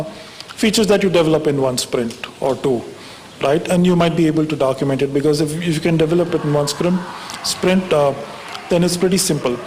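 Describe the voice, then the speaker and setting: A man gives a wry, conversational talk in a conference hall, often checking in with the audience by asking "right?". His voice sits high with a darkish tone. The hall is reverberant, and there's faint background hiss.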